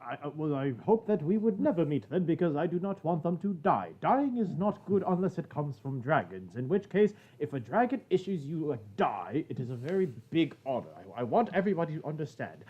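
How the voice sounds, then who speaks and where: Lively, joking tipsy male co-host. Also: on the high side, fairly quick, few pauses, breathy edge, dull audio. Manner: playful, deadpan jokes. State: tipsy from drinking sake. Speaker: stream co-host guest. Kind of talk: casual chat.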